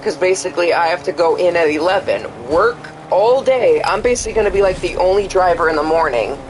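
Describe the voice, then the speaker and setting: A man's voice: high-pitched, lively intonation, fairly quick, noisy background. Rambling, cursing young man. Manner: rambling, profane, acts out quoted exchanges. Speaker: streamer. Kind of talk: casual chat while gaming.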